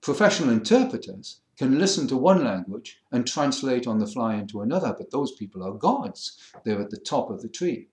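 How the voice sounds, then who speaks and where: A middle-aged man with a middle-class educated English accent, explaining things in a measured, wry teaching manner. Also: medium pitch, very animated, darkish tone, roomy sound. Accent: standard English, middle-class educated. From England. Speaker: French listening teacher. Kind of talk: lecture to camera.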